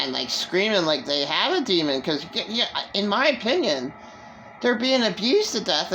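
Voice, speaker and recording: Slow, lively-pitched woman vlogger. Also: a little hiss or hum, low-quality recording. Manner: rambling, halting, with many restarts. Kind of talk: emotional personal monologue.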